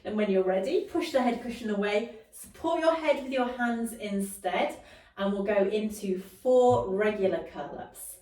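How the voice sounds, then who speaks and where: A woman's voice: medium pitch, unhurried, a little mellow. A woman Pilates instructor guiding a ball workout, cueing each breath and movement with encouraging praise, sometimes a little out of breath. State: slightly out of breath at times. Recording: roomy echo, mic at a distance.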